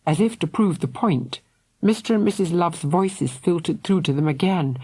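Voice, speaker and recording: A woman narrating a children's audiobook in a dramatic, expressive way. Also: fairly low pitch, normal speed, husky. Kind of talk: scripted narration.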